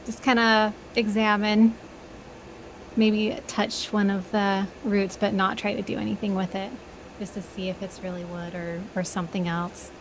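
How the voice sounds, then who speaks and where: A woman playing a tabletop game, talking in a low-key, thoughtful way that often trails off. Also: flat delivery, normal speed, noisy background. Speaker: player. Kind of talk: casual tabletop play.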